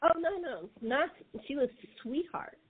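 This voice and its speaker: A woman hosting an interview, telling a story in a halting, chatty way with fillers and frequent laughs. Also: high-pitched, lively intonation. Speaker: podcast host. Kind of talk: casual interview chat. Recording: phone-like narrow-band line.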